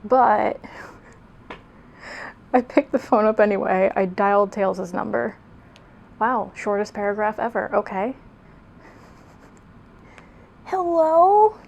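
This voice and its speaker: A woman's voice: medium pitch, fairly even intonation, measured pace, creaky, long pauses. A young woman reading her old fan fiction aloud, mocking it with sarcastic, self-deprecating asides and laughing at herself. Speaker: video creator.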